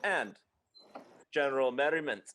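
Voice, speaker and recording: Cheery, formal-speaking tabletop player. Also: male voice, mid-range voice, a little slow, fairly bright tone. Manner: cheerful, formal in-character speech, frequent laughs. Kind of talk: playing a character in a tabletop game.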